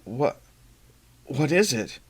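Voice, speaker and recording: A man reading aloud, voicing a nervous young man who speaks in quick, raised, stammering lines. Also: medium pitch, lively intonation, pitched above the performer's own voice, natural voice. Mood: anxious.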